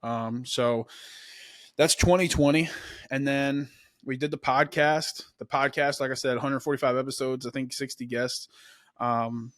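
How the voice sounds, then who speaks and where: A man's voice: medium pitch, steady tone, a little slow, fairly bright tone, no echo, studio quality. A young man hosting a podcast, telling his story in a casual, laid-back way, often saying "man" and "dude". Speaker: podcast host.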